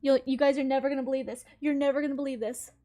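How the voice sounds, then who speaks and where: A young woman with a high-pitched voice chats casually on stream while playing a racing game. She tells her stories with animated, giggly energy as faint game music plays quietly underneath.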